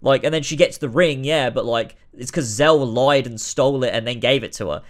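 A man streaming a game, rambling commentary that breaks into shouting rants. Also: medium pitch, brisk. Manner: rambling, many restarts, bursts into shouting rants. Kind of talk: casual let's-play commentary.

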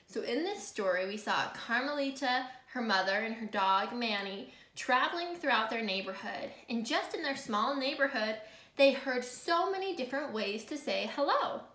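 Bright-voiced woman teacher reading aloud. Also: a little high. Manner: clear, slow and expressive. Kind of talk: reading a picture book aloud to students. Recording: echoey room.

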